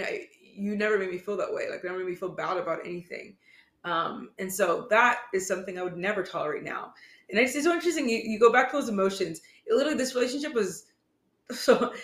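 A woman's voice: medium pitch, a bit bright. A young woman co-hosting a podcast, telling a personal story in casual, rambling chat, full of "like". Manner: earnest, rambling, heavy use of "like". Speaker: podcast co-host. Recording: echoey room.

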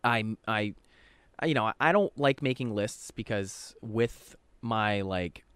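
A man's voice: on the low side, takes it slowly, fairly bright tone, smooth, no room sound. A man co-hosting a podcast, talking in a rambling, casual way and swearing often. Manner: rambling, swears often, quotes others in his own voice. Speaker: podcast co-host.

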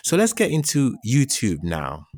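A man hosting an interview about faith, asking reflective questions in a gentle way. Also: mid-range voice, wildly swooping pitch, measured pace, no echo, clean studio sound.

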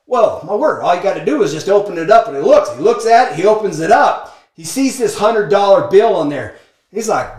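A man telling a business story in an energetic, emphatic monologue, peppering his talk with "like" and "okay?". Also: high voice, fairly quick. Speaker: speaker sharing business lessons from a book. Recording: echoey room.

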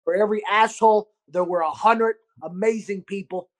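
A man with a New York accent hosting a casual podcast, talking in an animated, gruff way and calling people dude and brother. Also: sits high, moderate pace. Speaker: podcast host and restaurant owner.

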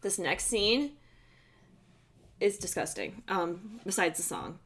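A woman's voice: mid-range voice, lively intonation, slow, fairly bright tone, slightly rough. A young adult woman hosting a casual chat, retelling a film scene by scene in a profane, giggly way. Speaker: podcast host recapping a film.

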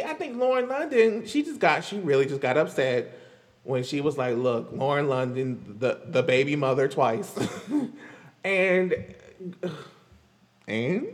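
A man's voice: sits high, in a large hall. A man giving rambling, casual pop-culture commentary as a vlogger, laughing often and stammering through restarts.

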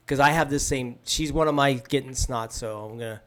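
A man's voice: medium pitch, fairly quick, fairly bright tone. A man co-hosts a casual comedy podcast. He teases his partner with crude jokes and laughs often. His tone stays loose throughout. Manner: teasing, crude sidekick who laughs a lot. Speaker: podcast co-host.

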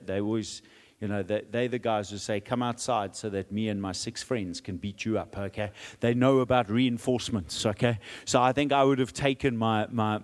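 A man's voice: on the high side, big-room sound. A man in his forties preaching a sermon, acting out the quotes and checking in with "okay?" as he goes. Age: 40s. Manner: animated, acts out the quotes, asks "okay?" often. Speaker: pastor.

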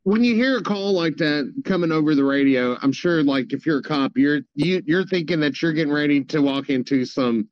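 A man's voice: on the high side, lively intonation, a little fast, hardly any pauses, no echo, lo-fi sound. A man co-hosting a podcast, bantering crudely and laughing often. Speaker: podcast co-host. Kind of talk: crude casual chat.

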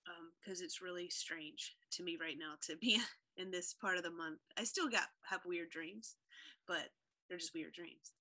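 This podcast co-host has a lowish, pushed, bright voice and keeps a measured pace. The chat is casual, and she is chatty, laughing frequently and using plenty of filler words.

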